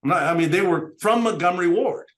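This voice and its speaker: A man's voice: sits high, fast, fairly bright tone. A middle-aged businessman telling stories as an interview guest, earnestly quoting dialogue. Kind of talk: storytelling interview talk.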